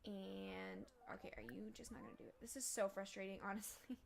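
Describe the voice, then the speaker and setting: A woman's voice: medium pitch, steady tone, brisk, creaky, slight background noise. A woman hosting a let's play, giving rambling gameplay commentary full of fillers.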